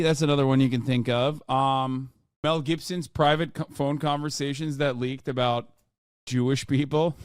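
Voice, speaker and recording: A man streaming his reactions to a reality show, loud and jokey, swearing freely and putting on mock outrage. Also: mid-range voice, fairly even intonation, moderate pace, clear, resonant tone, dry recording, clean studio sound. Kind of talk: casual reaction commentary.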